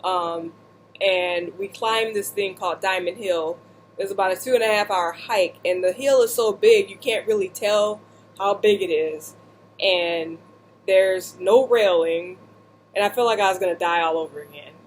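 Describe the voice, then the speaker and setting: A woman vlogger seated indoors, casually telling a story in an animated, joking way with lots of asides. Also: mid-range voice, normal speed, a little hiss or hum, rough recording.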